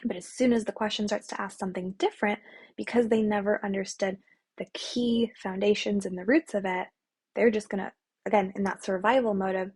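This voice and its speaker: A young woman math tutor speaks to parents in a husky, slightly breathy voice at a mid pitch. She talks earnestly and plainly, restarting sentences and checking in with a quick "right?" along the way. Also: steady tone, a little mellow. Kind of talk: talking-head explainer to parents.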